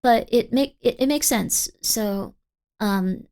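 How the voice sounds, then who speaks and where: Woman streamer, sleepy and drowsy, slightly slurred, loose rambling chat with a raspy creak in a raised voice. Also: on the high side, slow, mellow. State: sleepy and tired. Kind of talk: casual live-stream chat.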